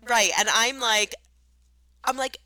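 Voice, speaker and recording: A young woman co-hosting a podcast, chatting casually in an animated, gushing way and talking over her partner. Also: on the high side, slow pace, no room sound. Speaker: podcast co-host.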